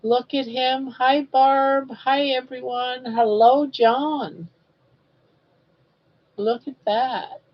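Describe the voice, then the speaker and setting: Slow-talking grandmotherly woman in her sixties. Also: sits high, steady tone, lo-fi sound. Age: 60s. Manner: chatty, reads viewer comments aloud and teases. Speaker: live-stream crochet host. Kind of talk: casual live-stream chat.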